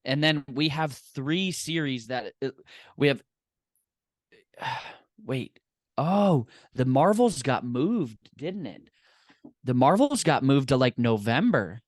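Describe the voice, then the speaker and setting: Enthusiastic podcast host, dry close mic. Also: male voice, medium pitch, animated, slow, dry recording. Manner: enthusiastic, rambling. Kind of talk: casual chat.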